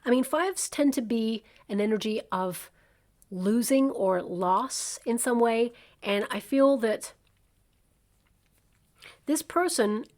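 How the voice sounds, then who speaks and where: Casting note: woman, tarot reader, easygoing and musing one-on-one delivery, mid-range pitch. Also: a little mellow. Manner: conversational, musing, frequent "you know" and "like". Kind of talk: tarot reading monologue.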